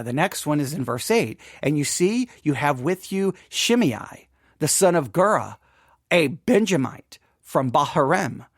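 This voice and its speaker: A man's voice: a little high, fairly bright tone, no echo, clean studio sound. A man teaching a Bible passage in a loose, conversational way, often restarting words and checking in with "all right?".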